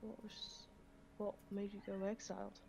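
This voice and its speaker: A woman's voice: mid-range voice, monotone, a little slow, gravelly, mellow, slight background noise. A woman playing a curious grieving adventurer. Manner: probing, asks many questions. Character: grieving adventurer who lost a husband. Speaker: player. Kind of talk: in-character role-play.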